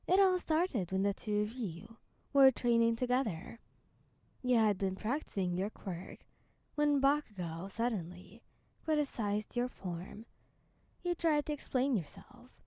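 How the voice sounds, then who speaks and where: A woman calmly narrates a second-person fan story in a soft, even reading voice. Her voice is fairly high with a dark, mellow tone. The sound is close and dry. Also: dry recording.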